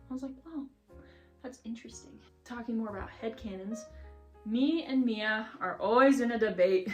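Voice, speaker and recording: A woman's voice: fairly high pitch, measured pace, a little mellow. Young woman vlogging, rambly and opinionated, says like a lot, echoey room, faint music behind. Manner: chatty, heavy use of "like", opinionated rants. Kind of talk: casual chat. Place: room at home, reorganizing a bookshelf.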